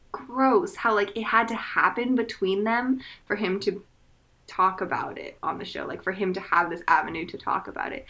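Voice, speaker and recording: A woman co-hosting a casual podcast chat, animated and quick to act out characters' lines. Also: medium pitch. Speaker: podcast co-host.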